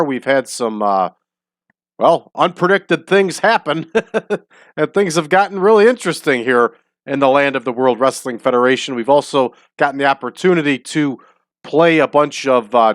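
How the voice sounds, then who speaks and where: A man's voice: mid-range voice, dry recording, clean studio sound. A man hosting a casual let's-play of a wrestling booking game, upbeat and chatty, often breaking into laughter. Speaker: host.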